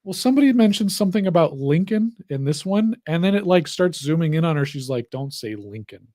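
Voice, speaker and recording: A young man co-hosting a casual show, telling stories with lively acted-out quotes. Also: sits high, fast talker, dry recording, clean studio sound. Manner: animated storyteller acting out quotes. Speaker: podcast co-host. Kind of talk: casual chat.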